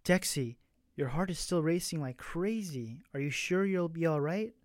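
A wry, bold young alien woman teases in a hushed voice, as a man reading a story puts her on. The voice stays slightly high and is heard close and dry. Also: moderate pace, no room sound, close to an everyday voice. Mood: teasing whisper. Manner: hushed, teasing.

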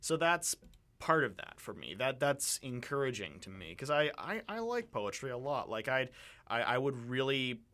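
A man's voice: mid-range voice, very animated, moderate pace, pushed and bright. A young man co-hosting a radio talk show, thinking aloud in a rambling way with many fillers and restarts. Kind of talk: casual discussion.

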